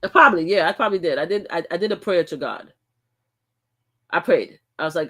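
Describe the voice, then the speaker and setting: A middle-aged woman, hosting a casual livestream and talking emphatically, dropping to low mutters and rising into loud outbursts. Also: animated, brisk. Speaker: livestream host.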